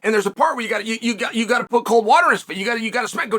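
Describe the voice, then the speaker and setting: A man hosting his own show, delivering solo commentary in an emphatic storytelling manner with dramatic pauses. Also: very high-pitched, pushed and bright. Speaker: show host.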